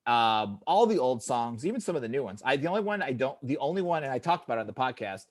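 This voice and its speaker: A man's voice: medium pitch, big pitch swings, fast talker. A man in his thirties co-hosting a podcast, chatting casually and animatedly, swearing and acting out quotes in funny voices. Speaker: podcast co-host. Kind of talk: casual chat.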